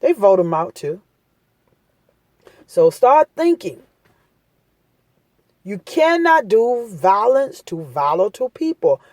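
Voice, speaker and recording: A woman's voice: mid-range voice, very animated, slow pace, pauses often, a little mellow, dry recording. A woman talking straight to her viewers in a casual, impassioned monologue, blunt and preachy, hammering her points home by repeating them. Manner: street-talk, blunt. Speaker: vlogger giving advice.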